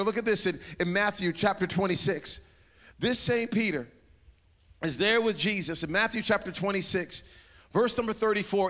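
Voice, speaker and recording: A man's voice: high-pitched, sharp tone, in a large hall. A man preaching a sermon as pastor, dramatic and acting out voices, repeating phrases for emphasis. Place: church sanctuary.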